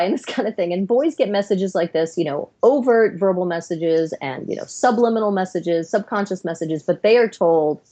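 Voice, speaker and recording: A woman's voice: lowish voice, animated, normal speed, few pauses, mellow. A middle-aged woman, a psychiatrist guest on a podcast interview, explaining her views earnestly in long, flowing runs.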